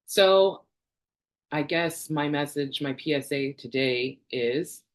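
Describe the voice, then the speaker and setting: A woman's voice: deep voice, slow. A woman in her forties from Canada, talking candidly in a personal vlog, chatty and rambling, laughing often. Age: 40s. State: tearful at times. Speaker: vlogger.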